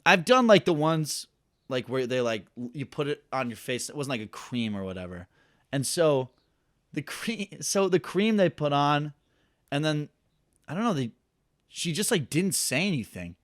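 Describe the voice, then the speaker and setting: A man's voice: a little high, very animated, moderate pace, fairly bright tone, dry recording, clean studio sound. Rambling young man telling a story. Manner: rambling, self-deprecating, lots of filler "like". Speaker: podcast co-host. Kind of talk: casual storytelling chat.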